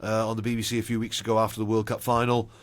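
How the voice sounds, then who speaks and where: A man co-hosting a casual podcast, making his points in a measured, thoughtful and sometimes halting way. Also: lowish voice, completely flat delivery. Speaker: podcast co-host.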